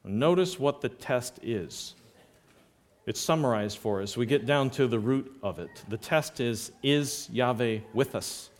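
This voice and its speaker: A man preaching a sermon, reading scripture passages aloud and explaining them, rising in volume for emphasis. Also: medium pitch.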